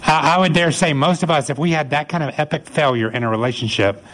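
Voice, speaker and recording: A man's voice: on the high side, quick pace, fairly bright tone, rough recording. A man preaching an earnest, conversational sermon, talking things through with frequent restarts. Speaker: pastor.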